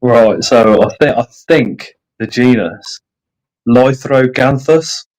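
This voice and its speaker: A man hosting a casual livestream chat from his phone, stumbling and repeating words as he slowly sounds out tricky Latin names. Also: medium pitch, poor audio. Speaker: livestream host. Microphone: phone on a video call.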